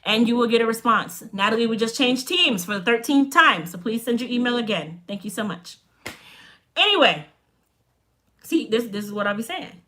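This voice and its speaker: A woman's voice: fairly high pitch, expressive, moderate pace, fairly bright tone. A woman from Chicago with a Chicago accent and Jamaican touches, a hair care business owner telling a story on a casual live stream, blunt and straight-talking. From Chicago, United States.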